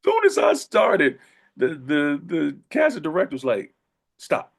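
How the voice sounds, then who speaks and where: A man, an actor being interviewed, telling funny anecdotes in a casual, animated way, slipping into voiced quotes. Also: on the high side, measured pace, vocal fry. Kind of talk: casual storytelling.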